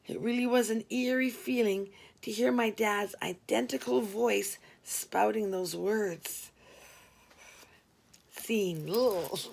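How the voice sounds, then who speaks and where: A woman's voice: medium pitch, creaky. A woman narrating a first-person story in a dry, wry manner. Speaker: audiobook narrator.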